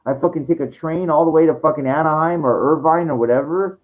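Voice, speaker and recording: Talking fast in a slightly high voice, a man in his forties rants about his life in a rambling monologue. Expect many stammered restarts, frequent swearing and exasperated outbursts. It's recorded in dull lo-fi quality.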